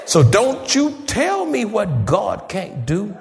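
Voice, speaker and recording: A man preaching a fervent sermon, rising to shouts and calling on the congregation to answer back. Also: sits high, wildly swooping pitch, slow, creaky, in a large hall. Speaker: pastor.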